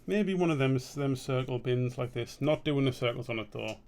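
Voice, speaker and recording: A man's voice: mid-range voice, normal speed, darkish tone. Man muttering while drawing live. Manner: rambling and muttering to himself, swearing freely. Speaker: cartoonist streaming a drawing session. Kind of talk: casual live-stream commentary while drawing.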